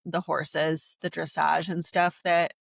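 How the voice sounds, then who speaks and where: A woman's voice: sits low, flat delivery, slow pace, gravelly, dry recording, studio quality. A young adult woman co-hosting a podcast, chatting in a bubbly, rambling way that trails off mid-thought. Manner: bubbly, rambling, trails off, laughs while talking. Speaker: podcast co-host. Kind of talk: casual chat.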